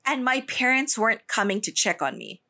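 A young woman co-hosting a podcast, telling a story in animated casual chat, swearing freely and slipping in Tagalog phrases. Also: fairly high pitch, normal speed, gravelly. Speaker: podcast co-host.

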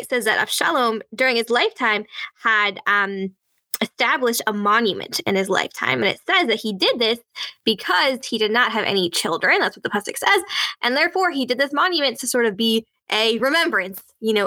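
A woman's voice: a little high, pushed and bright, dry recording. A woman teaching a religious study lesson, walking through verses step by step, translating them and checking in with "right?". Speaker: Talmud teacher. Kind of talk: text-based study lesson.

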